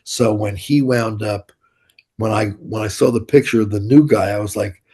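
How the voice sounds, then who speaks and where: A man's voice: on the low side, moderate pace, darkish tone, slightly rough. An older man, telling rambling, blunt, profane stories as an interview guest. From New York City. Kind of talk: casual storytelling interview.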